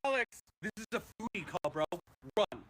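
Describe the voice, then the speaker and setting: A streamer reading a funny story aloud on a live stream, animated and profane, laughing easily. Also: medium pitch, moderate pace, a little hiss or hum, low-quality recording.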